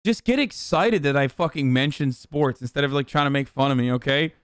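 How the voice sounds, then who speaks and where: A man streaming a reaction, talking fast and profanely with sarcastic, animated asides. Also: medium pitch, clean tone, dry recording, clean studio sound. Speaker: streamer and political commentator. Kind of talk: live stream reaction commentary.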